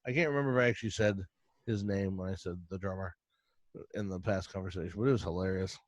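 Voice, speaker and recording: A man's voice: low voice, no echo. Middle-aged male podcast host, casual rambling storyteller, dry close sound. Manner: rambling storyteller, quick bursts, laughs often. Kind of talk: casual chat.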